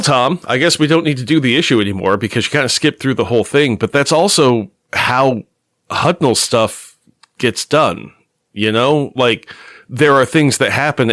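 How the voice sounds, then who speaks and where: A man co-hosting a comic-book podcast, chatting casually with quick sarcastic jokes. His voice sits at an ordinary pitch. The recording is dry and close, with no room sound. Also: a bit bright, no echo. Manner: sarcastic and jokey, with quick asides. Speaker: podcast co-host.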